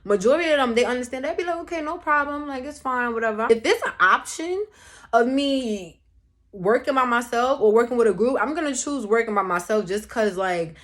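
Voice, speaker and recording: A woman's voice: fairly high pitch, expressive, fairly quick, fairly bright tone. Blunt woman telling a story. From Brooklyn, New York. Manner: blunt, profane, heated retelling. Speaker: storytime vlogger. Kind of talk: casual storytime.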